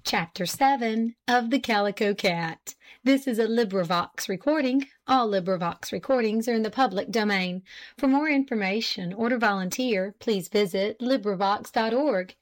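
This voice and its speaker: A woman narrating a classic novel as a volunteer audiobook reader, in a measured, even storytelling manner. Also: mid-range voice. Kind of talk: scripted narration.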